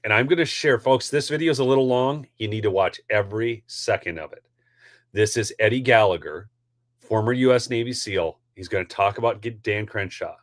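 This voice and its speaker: A man's voice: lowish voice, a little fast, no echo, clean studio sound. A man hosting a live political commentary show, heated and ranty, often calling his audience "folks". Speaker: host.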